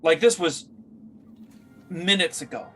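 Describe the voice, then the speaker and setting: A man's voice: fairly high pitch, takes it slowly, pushed and bright, faint music behind. A man narrating as game master for a tabletop game, rambling with many fillers as he searches for words.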